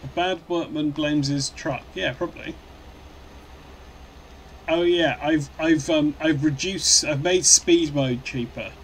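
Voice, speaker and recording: A man's voice: on the high side, slow, a little hiss or hum, poor audio. A man streaming a truck game live, answering chat in a rambling, good-humoured way with many restarts.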